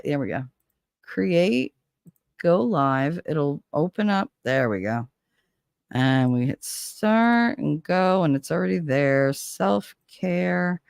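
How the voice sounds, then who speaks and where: A woman's voice: low voice, lively intonation, slow pace, gravelly, a little mellow, clean tone, no room sound. A middle-aged woman with a New Jersey accent, hosting a casual livestream chat in a candid, profane, chatty way. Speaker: livestream host.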